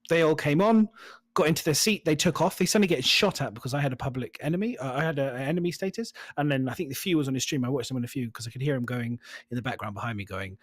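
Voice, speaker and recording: A man's voice: fairly high pitch, very fast, no echo. Rambling man, dry close mic. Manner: rambling, animated storytelling with frequent fillers. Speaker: podcast host. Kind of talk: casual gaming podcast chat.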